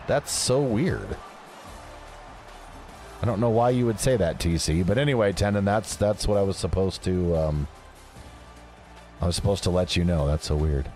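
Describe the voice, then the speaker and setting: A man's voice: low-pitched, moderate pace, long pauses, a little mellow, faint music behind. A man chatting casually with his live-stream audience while playing a game, joking and reading chat messages aloud. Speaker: gaming streamer.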